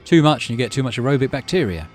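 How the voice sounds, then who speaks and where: A man's voice: medium pitch, expressive, very fast, a little mellow, faint music behind, pitched above the performer's own voice, natural voice. A man voicing a friendly young man who tends plants and chats cheerfully about the science of it.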